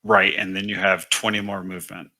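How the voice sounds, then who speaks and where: A man's voice: sits low, fairly quick, low-quality recording. A man narrating and explaining rules as dungeon master of a tabletop game. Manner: relaxed, explains rules step by step.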